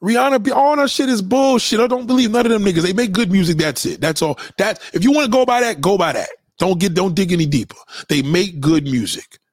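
Dude going off on a rant, high voice jumping all over, cussing a lot, dry close sound. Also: male voice, quick pace, few pauses, no room sound. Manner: animated, profane, preachy and conspiratorial; repeats himself for emphasis. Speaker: vlogger giving opinions. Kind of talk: profane rant to camera.

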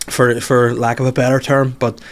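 A man's voice: medium pitch, flat delivery, normal speed. A man with a Belfast accent chatting casually, telling funny local stories with plenty of swearing. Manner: swearing, storytelling, laughs at his own anecdotes. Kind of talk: casual chat.

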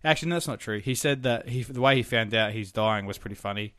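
A man's voice: fairly low pitch, quick pace, fairly bright tone, dry recording, clean studio sound. An Australian man hosting a podcast, telling stories in a rambling, profane way. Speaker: podcast host. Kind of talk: casual podcast chat.

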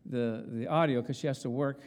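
A pastor delivers a sermon in a brisk, medium-pitched male voice. He's animated and full of passion, telling stories and acting out the quotes in them.

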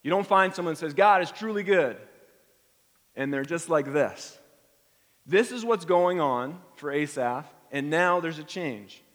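A man's voice: fairly high pitch, unhurried, fairly bright tone. A middle-aged man preaching a conversational sermon, acting out the feelings he quotes. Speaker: pastor. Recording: long hall reverb.

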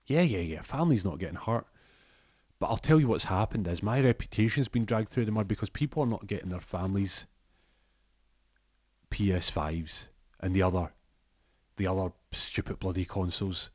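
A swaggering, cruel crook, as a man acts him out. He sounds cocky and threatening, and his voice stays low. The sound is dry and close. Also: moderate pace, pauses often, darkish tone, breathy edge, dry recording. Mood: menacing.

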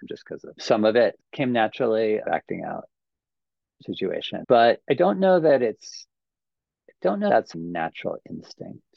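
A man's voice: fairly low pitch, gravelly, no echo, muffled recording. A man in his forties, a podcast guest, talking in a thoughtful, hedging way in casual interview chat. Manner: thoughtful, hedging with frequent "I think".

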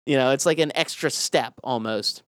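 A man's voice: medium pitch, normal speed, no echo, clean studio sound. A man with a Southern US accent chatting casually on a podcast, telling stories with quoted voices and plenty of swearing. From American South. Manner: profane, animated storytelling with quoted voices.

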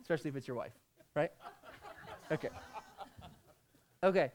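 A man's voice: a little high, normal speed. A man preaching in a casual, jokey way, reading scripture aloud between conversational asides.

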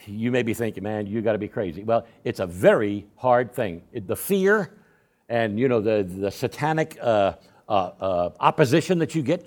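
Animated older man telling stories. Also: fairly low pitch, moderate pace. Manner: folksy, animated storyteller with frequent restarts. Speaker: Sunday school speaker. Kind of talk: storytelling testimony in a church class.

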